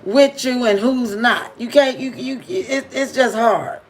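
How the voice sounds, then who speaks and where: A woman's voice: on the high side, unhurried, slight background noise. A woman hosting a casual livestream from home, talking in a laid-back, confiding, slangy way and greeting viewers by name. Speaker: livestream host. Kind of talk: casual live-stream chat with viewers.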